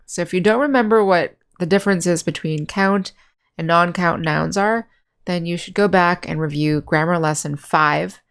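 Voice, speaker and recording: In a grammar lesson, a female English teacher walks through the material patiently, step by step, slowing to say example words again. Her lowish voice has vocal fry and a clean tone.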